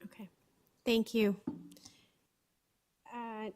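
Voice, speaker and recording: A woman's voice: on the high side, flat delivery, drawn-out words, darkish tone. A woman chairing a school board meeting, politely directing questions between trustees. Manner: polite, procedural.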